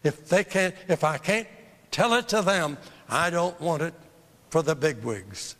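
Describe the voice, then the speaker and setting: An older man preaching a sermon, emphatic and drawn out, with big swings in pitch. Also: lively intonation, measured pace, a bit bright. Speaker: evangelist preacher. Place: church. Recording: long hall reverb from a church.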